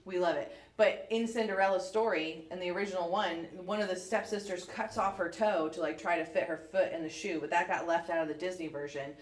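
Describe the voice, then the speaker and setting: A low-voiced woman from the United States talks through a book club episode in a loose, animated way, full of fillers and quick asides. Her voice sits low for a woman and carries a noticeable room echo. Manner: chatty, animated storytelling with many "like" fillers. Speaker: podcast co-host. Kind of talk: casual book club chat. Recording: echoey room.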